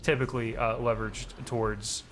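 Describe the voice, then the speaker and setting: A man's voice: medium pitch, little pitch movement, brisk, a bit bright, a little hiss or hum. A man from the States, chatting casually on a live stream in a rambling, profane way and talking straight to his chat. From Southern United States.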